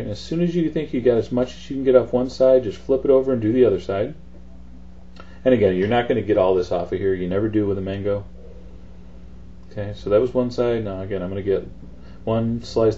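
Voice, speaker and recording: A man's voice: lowish voice, lo-fi sound, a little hiss or hum. A man hosting a cooking demonstration, talking through each step in a chatty, easygoing way. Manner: chatty, relaxed instruction with fillers. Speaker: cooking show host.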